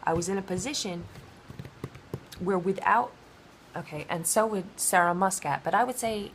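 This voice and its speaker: A woman talking in a rambling personal monologue, halting with many restarts and fillers. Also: mid-range voice, slight background noise.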